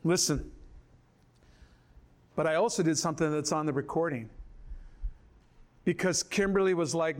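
An older man preaching a sermon, telling stories in animated fashion, acting out other people's voices and dropping low and slow for scripture. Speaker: pastor. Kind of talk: sermon with storytelling.

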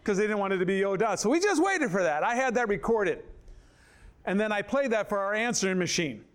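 An older man preaching a sermon, telling stories in animated fashion, acting out other people's voices and dropping low and slow for scripture. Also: smooth. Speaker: pastor. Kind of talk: sermon with storytelling.

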